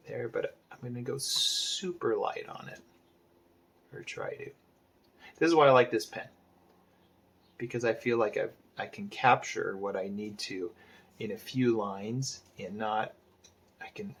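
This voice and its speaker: A man's voice: lowish voice, slightly rough. A man talking through his drawing process in a casual tutorial, thinking aloud and hesitating, often dropping to half-whispered asides. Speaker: art instructor.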